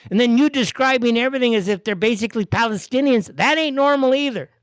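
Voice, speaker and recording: A man's voice: extremely high pitch, fast talker, smooth, dry recording. A man hosting a live commentary show, ranting in a heated, exasperated way and swearing often. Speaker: show host.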